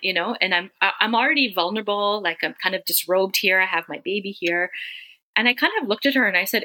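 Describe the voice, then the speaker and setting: A middle-aged woman, a podcast guest, telling a personal story in an animated, conversational way. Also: medium pitch, brisk. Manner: animated, acts out quoted people.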